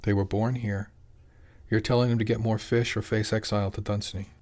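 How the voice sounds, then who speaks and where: A man's voice: on the low side, flat delivery, fairly quick, darkish tone, natural voice. A man voicing a blunt, slangy male animal who manages a fishing fleet, pressing his point in an audiobook.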